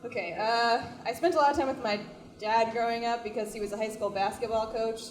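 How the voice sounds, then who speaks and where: A young woman doing stand-up comedy in a small, echoey venue, her voice sitting fairly high. She talks in a chatty, self-deprecating way and fills her sentences with "like". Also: steady tone, a little fast.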